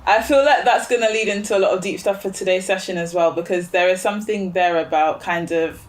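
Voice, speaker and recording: A woman's voice: mid-range voice, fairly quick. Reflective woman guest musing aloud. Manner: reflective, thinks aloud with fillers and rhetorical questions. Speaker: podcast guest. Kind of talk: casual chat.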